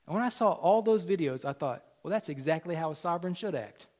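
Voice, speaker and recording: Male pastor, high-pitched, animated, sermon delivery with loud peaks and soft drops. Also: fast talker. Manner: animated, swings from loud to hushed.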